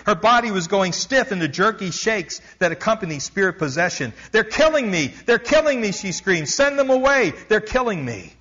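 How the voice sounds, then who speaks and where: A man preaching, retelling a missionary story with lively emphasis. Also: fairly high pitch, dull audio.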